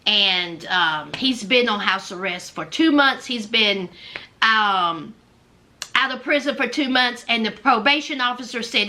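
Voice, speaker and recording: A woman's voice: on the high side, lively intonation, unhurried, bright, forceful tone. A woman with a Southern US accent giving sassy, emphatic commentary on a reality show, speaking straight to her viewers. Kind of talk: casual commentary.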